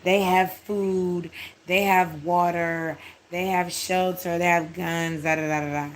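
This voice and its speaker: A woman voicing a smug male companion who talks in a flat, dismissive, matter-of-fact way. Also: on the low side, takes it slowly, slight background noise. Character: smug, self-assured adult male companion.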